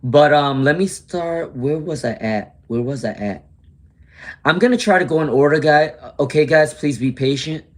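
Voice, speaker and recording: A man's voice: on the high side, moderate pace. A man hosting a live tarot reading stream, chatting with viewers by name and muttering to himself while he looks for questions.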